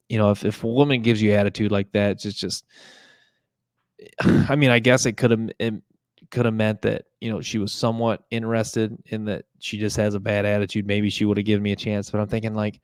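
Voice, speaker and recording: Young male podcast host, low and monotone, rambling casual talk, dry close mic. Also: no room sound. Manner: rambling, full of fillers and restarts. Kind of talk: casual monologue.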